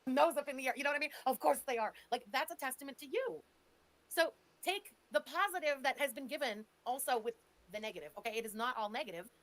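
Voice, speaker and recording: A woman's voice: sits high, quick pace, a bit bright. A woman giving blunt, sarcastic reaction commentary, scolding the person on a clip. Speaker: stream commentator.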